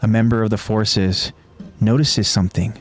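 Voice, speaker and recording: A man who hosts a podcast, retelling an anime episode scene by scene in a steady, descriptive way. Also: fairly low pitch, normal speed, soft background music. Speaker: podcast host.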